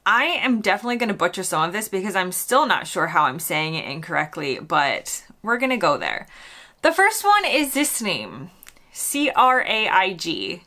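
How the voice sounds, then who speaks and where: A bright-toned American woman in her thirties talks to camera in a casual vlog, her pitch jumping around a lot. She is chatty and quick to poke fun at herself. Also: big pitch swings. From United States. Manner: chatty, self-deprecating, often laughing at herself. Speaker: vlogger.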